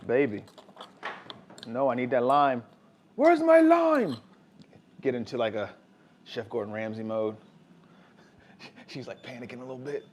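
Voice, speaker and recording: A young man with a drawl cooks at home and keeps up an easy, chatty commentary for his viewers. His voice sits at a middling pitch. A faint hum of kitchen noise runs underneath. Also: moderate pace, long pauses, muffled recording. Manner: relaxed, chatty, talks to viewers while cooking. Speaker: family vlogger cooking. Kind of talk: casual cooking vlog chat.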